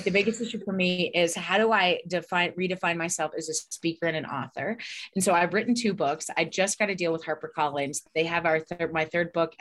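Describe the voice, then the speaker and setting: A woman in her forties, a psychologist and author, telling lively stories as a podcast guest, swearing and acting out voices. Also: deep voice. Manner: animated storyteller, swears, acts out voices loudly. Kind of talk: casual podcast chat.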